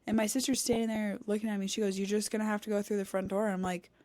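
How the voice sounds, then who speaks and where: Talking very fast in a mid-range voice, this young podcast co-host tells a story in casual conversation. She's animated, voices the quoted dialogue herself, and cusses. The studio podcast mic gives a dry sound.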